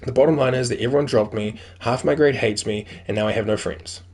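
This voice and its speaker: A man's voice: mid-range voice, fast talker, a little mellow, close to an everyday voice. A man voicing an upset teenage girl who feels betrayed by her friends, with a faint hiss behind him. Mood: dejected.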